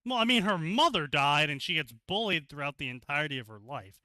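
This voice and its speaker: A man's voice: a little high, lively intonation, a little fast, sharp tone, dry recording. A man co-hosting a livestream, giving sarcastic, rambling and crude casual commentary on a story he reads aloud, into a desk microphone. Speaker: co-host reading fanfiction aloud.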